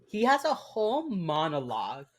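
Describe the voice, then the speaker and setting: A woman's voice: on the low side, huge pitch swings, normal speed, slight background noise. A woman co-hosting a podcast, recapping a TV episode in casual chat with wry, dry asides. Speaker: podcast co-host.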